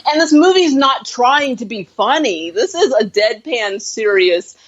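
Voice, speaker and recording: A woman's voice: on the high side, animated, a little slow, dull audio. A woman from the States, co-hosting a movie podcast, laughing a lot as she retells scenes with plenty of swearing. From southern United States. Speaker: podcast co-host. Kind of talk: casual movie review chat.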